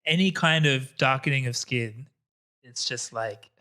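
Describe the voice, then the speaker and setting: A man guesting on a podcast, chatting casually about films in an animated, opinionated way and laughing often. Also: medium pitch, measured pace. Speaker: podcast guest, co-host of another podcast. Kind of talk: casual film chat.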